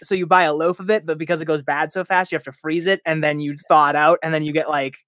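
A man's voice: on the high side, level tone, quick pace, a bit bright, dry recording, clean studio sound. A man chatting casually as a podcast guest, rambling and self-deprecating, often laughing at himself.

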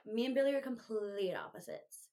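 A young woman hosts a loose, casual chat and keeps breaking into giggles as she tells a story. Her voice sits a little high and swings widely up and down. She talks with animated, playful energy. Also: normal speed. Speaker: podcast host.

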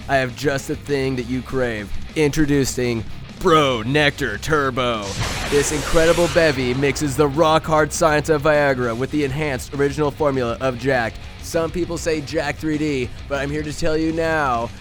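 Guy putting on a pumped-up bro pitchman, brash crude hard sell, parody radio spot. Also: fairly bright tone, close to an everyday voice. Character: loud hypermasculine bro ad pitchman.

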